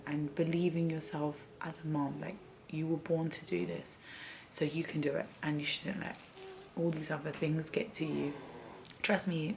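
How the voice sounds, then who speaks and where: Young woman, low voice, gravelly, teary, heartfelt rambling vlog. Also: slight background noise, low-quality recording. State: teary, emotional. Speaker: vlogger. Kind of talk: candid personal vlog.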